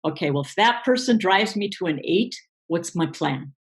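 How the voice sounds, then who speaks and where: A woman with a lowish, gravelly voice talks through ideas as a guest in a live online interview. She explains in a relaxed, unhurried way, leaning on fillers as she goes. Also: poor audio. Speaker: guest coach.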